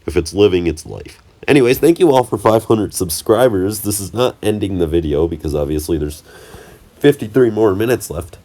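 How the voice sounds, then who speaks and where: Deep-voiced young man joking through trip footage. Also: expressive, moderate pace, warm tone. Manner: rambling, jokey, self-correcting. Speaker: channel host. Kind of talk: casual vlog commentary over trip footage. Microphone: voice-over.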